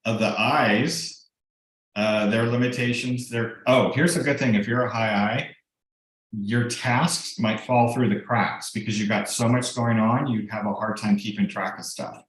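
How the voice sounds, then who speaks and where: A man's voice: medium pitch, fairly even intonation, measured pace. A middle-aged man, a real estate broker and coach, giving a casual, explanatory team training with frequent ums and restarts over a video call. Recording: very echoey room.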